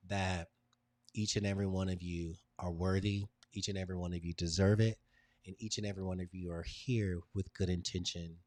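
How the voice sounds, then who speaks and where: A man's voice: low-pitched, darkish tone, no echo. Man chanting emphatic, repetitive affirmations. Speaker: host and design workshop leader. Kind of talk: motivational affirmation talk to a live group.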